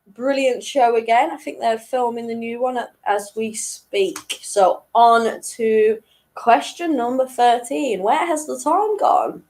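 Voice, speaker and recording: Female quiz host, fairly high voice, unhurried delivery, chatty and self-mocking. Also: a little mellow, a little hiss or hum. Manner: reads each question twice, slowly and clearly; chatty, laughs at her own jokes. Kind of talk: hosting an online weekly quiz.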